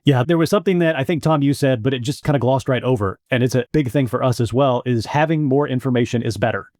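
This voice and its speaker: A man co-hosting a podcast who speaks in a measured, even way and builds his questions slowly. His mid-range voice sounds dry and close to the mic. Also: mid-range voice, dry recording. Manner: measured, asks long questions. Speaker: podcast co-host. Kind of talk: casual podcast chat.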